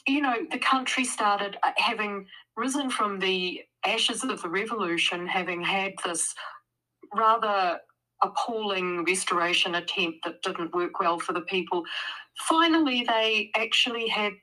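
A bright, clear-toned woman speaks as a guest author in a relaxed interview. She thinks aloud, pausing on fillers and restarting her sentences as she goes. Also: medium pitch, low-quality recording. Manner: thoughtful, with frequent fillers and restarts. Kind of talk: casual interview conversation.

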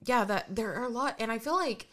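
A woman hosting a podcast in casual chat, excitable and gushing. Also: on the high side, fairly quick. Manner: gushing, excitable, lots of exclamations. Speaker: podcast host.

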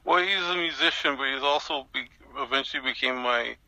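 A man's voice: mid-range voice, brisk, sharp tone, no room sound, poor audio. An older man being interviewed, telling a long story in a rambling way with many restarts and fillers. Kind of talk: recounting an anecdote in an interview.

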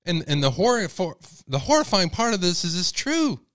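A man's voice: high-pitched, big pitch swings, moderate pace, a bit bright, dry recording. Rambling male host, dry close sound. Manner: rambling, folksy, many fillers. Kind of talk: casual storytelling monologue.

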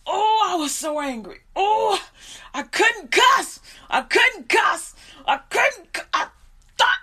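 A woman's voice: on the low side, sing-song, moderate pace, voice pushed down. A woman voicing an exasperated middle-aged father who is angry at his son.

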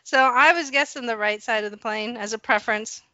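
A woman hosting a casual chat, lively and quick to laugh. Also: a little high, dry recording, highs cut off.

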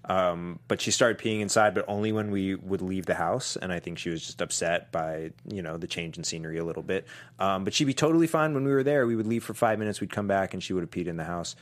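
A man co-hosting a casual movie podcast, relaxed and dryly joking. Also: low-pitched, fast talker. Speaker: podcast co-host.

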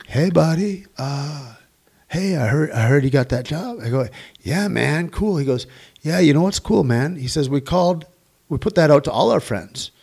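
Gravelly, profane American stuntman. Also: medium pitch. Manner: profane, rambling anecdotes with quoted dialogue. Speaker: stunt performer. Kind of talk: casual storytelling interview.

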